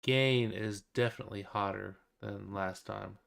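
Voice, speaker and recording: A man co-hosting a podcast, chatting in a relaxed, low-key drawl. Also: a little slow, vocal fry. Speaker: podcast co-host. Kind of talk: casual pre-show chat.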